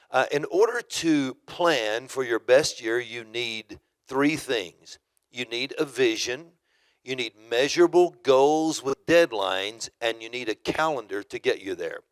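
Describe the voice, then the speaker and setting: A man's voice: mid-range voice, no echo. A middle-aged male pastor teaching at a church conference, telling stories and acting out quotes with emphasis. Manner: storytelling, emphatic, acts out quotes. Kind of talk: sermon-style teaching. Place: church auditorium.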